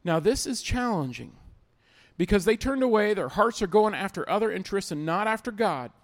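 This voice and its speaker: A man's voice: high-pitched, lively intonation, fairly quick. A man preaching a sermon as pastor, emphatic, repeating key lines and acting out little everyday scenes.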